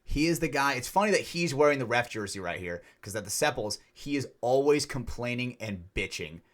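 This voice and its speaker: A man co-hosting a podcast, telling a story in a lively way with plenty of cursing. His voice sits in an ordinary middle pitch. His manner is loose and casual. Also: brisk. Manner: animated storyteller, profane. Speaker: podcast co-host. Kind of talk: casual chat.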